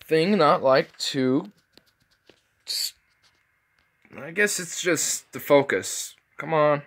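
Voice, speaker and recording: A young man rambling through a casual vlog, swearing a lot, sarcastic and prone to sudden loud high outbursts. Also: expressive, extremely slow, pauses often. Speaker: vlogger.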